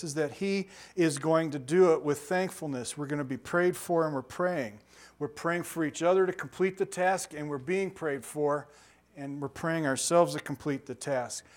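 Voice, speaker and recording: A man's voice: a little high, moderate pace, darkish tone. A middle-aged man, a pastor, teaching a bible study in a conversational, joking way and asking his group questions. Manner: conversational, jokey, asks the audience questions.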